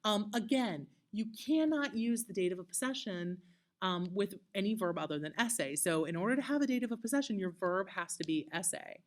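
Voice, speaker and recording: A woman's voice: medium pitch, lively intonation, normal speed. A woman teaching a recorded lesson, talking conversationally with many fillers and checking in with "okay?" often. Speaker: Latin teacher. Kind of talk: recorded lecture.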